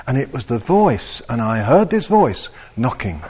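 A man preaching a sermon, slow and animated, rising to loud emphatic peaks. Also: lowish voice, slightly rough.

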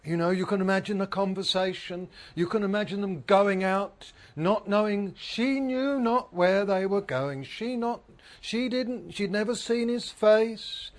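A man's voice: high-pitched, a little slow. A man preaching a sermon. He is earnest, repeats phrases for emphasis and asks his listeners questions.

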